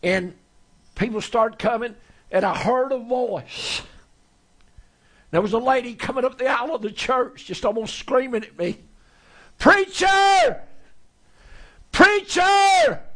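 A male preacher, telling a story in a sermon in a folksy way that swells into shouting. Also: high-pitched.

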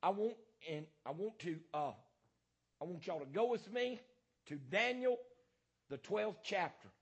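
A man preaching a fiery sermon as pastor, hammering points through repetition and filling pauses with "uh" and "um". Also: sits high, expressive, breathy edge, highs cut off.

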